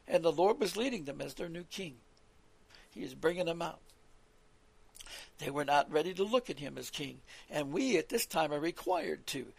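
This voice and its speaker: A man's voice: on the high side, vocal fry, slightly rough, no room sound. A man preaching an earnest, rambling scripture lesson, often repeating himself and restarting. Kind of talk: scripture teaching on a radio call.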